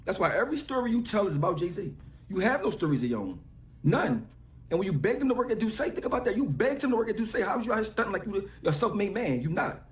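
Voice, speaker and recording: A middle-aged man launches into a rapid, heated rant, mocking and scolding without letting up. His voice sits high for a man and swings up and down with a lot of energy. It rings out in an echoey room. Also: big pitch swings. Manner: mocking, scolding, trash-talking. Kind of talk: heated rant in a played clip.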